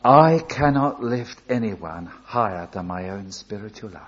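An older man preaching a sermon, telling a story slowly and building to emphatic appeals. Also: on the low side, expressive, muffled recording. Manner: slow, deliberate storytelling with rising emphatic appeals.

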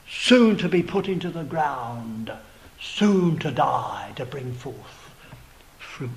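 Slow, dramatic male preacher. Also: mid-range voice, sing-song, slight background noise, low-quality recording. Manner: slow, dramatic delivery rising to loud emphatic peaks, then dropping to hushed tones; addresses listeners as brethren, beloved brother. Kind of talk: sermon.

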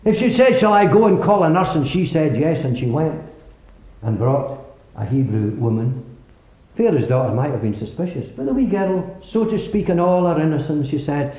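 A man preaching a sermon, emphatically questioning the congregation, with sudden swings in loudness. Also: fairly high pitch, sing-song, moderate pace. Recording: echoey, dull lo-fi recording.

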